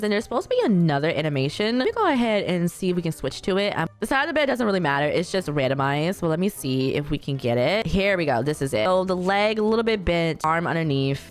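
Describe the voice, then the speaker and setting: A young woman hosting a video, chatting casually and reacting out loud as she plays a life-sim game and shows off mods. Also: on the low side. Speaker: gaming YouTuber host. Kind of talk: casual gameplay commentary.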